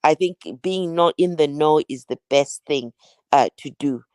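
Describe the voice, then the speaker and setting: A woman with a British accent giving earnest, measured advice on a call-in show. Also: sits low, mellow, dry recording. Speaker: guest speaker.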